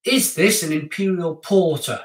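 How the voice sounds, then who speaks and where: A man reviewing craft beer on a live stream in casual, excitable chat with his viewers. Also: on the high side, measured pace, distant mic. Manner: chatty, excitable, talks to viewers. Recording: echoey room, off-mic.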